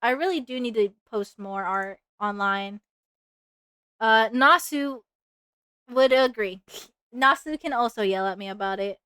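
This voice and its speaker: A woman streamer with a fairly high, smooth voice rambles through casual chat while she draws. She talks in a playful, loose way, fills the gaps with ums and likes, and sometimes drifts into sing-song. The sound is close and dry. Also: measured pace, long pauses, bright, forceful tone, no room sound. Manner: rambling and chatty with many fillers. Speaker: VTuber streamer.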